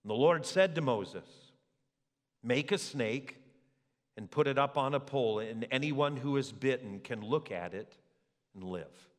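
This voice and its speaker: A man preaching a sermon as a pastor, with lively rhetorical questions to the congregation. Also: mid-range voice, unhurried. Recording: long hall reverb.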